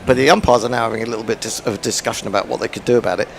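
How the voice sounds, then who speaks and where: A man's voice: mid-range voice, steady tone, rapid-fire, vocal fry, rough recording. A man co-commentating on cricket in a dry, corrective chatting manner.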